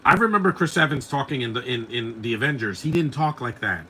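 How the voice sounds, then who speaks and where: A man's voice: mid-range voice, animated, fast, pushed and bright, a little hiss or hum. A man in his forties hosting a live movie commentary podcast, blunt and opinionated, rambling from one complaint to the next. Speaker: podcast host.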